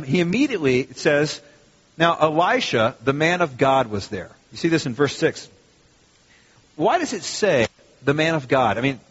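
A man's voice: a little high, a bit bright, breathy edge. Man preaching in a reverberant hall. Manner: conversational, emphatic preaching with restarts. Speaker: pastor. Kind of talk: sermon. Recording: muffled sound in a reverberant hall.

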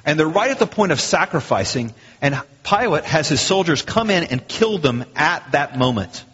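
A man preaching a sermon in a conversational, animated way, acting out the lines he quotes. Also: fairly high pitch, husky. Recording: muffled, lo-fi, long hall reverb.

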